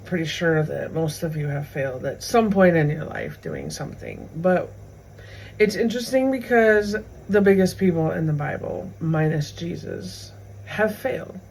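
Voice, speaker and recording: A woman's voice: deep voice, big pitch swings, normal speed, vocal fry, darkish tone, a little hiss or hum, low-quality recording. A woman hosting a faith video series, teaching a Bible story in a conversational way with many asides. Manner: conversational, retells scripture in everyday words with many asides.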